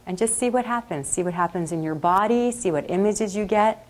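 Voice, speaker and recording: A woman leading a workshop, guiding a group through a meditation in a slow, calm and soothing way. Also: medium pitch, a little hiss or hum. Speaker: workshop leader. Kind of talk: guided meditation. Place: classroom or workshop.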